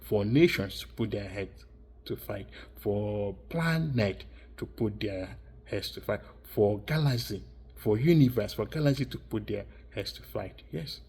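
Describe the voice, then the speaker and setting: A man's voice: on the low side, lively intonation, a little slow, darkish tone, breathy edge. A man giving a rambling, insistent monologue, repeating and restarting his phrases as he circles his points. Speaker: vlogger.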